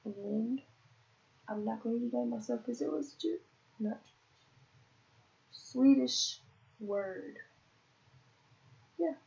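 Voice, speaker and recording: A woman's voice: on the high side, normal speed, creaky, long pauses, warm tone, highs cut off. A woman talking casually to herself during her skincare routine, muttering and chatty. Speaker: vlogger.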